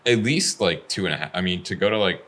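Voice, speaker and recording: A man who is a guest on a podcast, making dry asides that trail off quietly. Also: low voice, animated, quick pace. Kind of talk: casual chat. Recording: crowd chatter in background.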